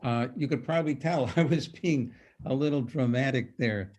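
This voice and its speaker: An older man giving a poetry lecture over a video call, reading verses slowly and dramatically before explaining them. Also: medium pitch, darkish tone.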